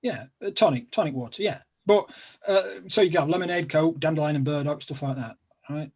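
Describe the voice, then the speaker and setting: A middle-aged man with a Sheffield accent chats about local life as a guest, rambling and circling back with lots of fillers. His voice is a little husky and sits slightly high for a man. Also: brisk, darkish tone. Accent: Sheffield, South Yorkshire. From England. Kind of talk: casual chat.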